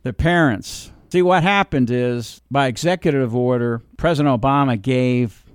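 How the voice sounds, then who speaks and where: A middle-aged man from the United States delivers a blunt political monologue, hammering home each point and repeating words for emphasis. His voice sits at an ordinary middle pitch. The recording is close and dry, with no room sound. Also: normal speed, clear, resonant tone, no echo.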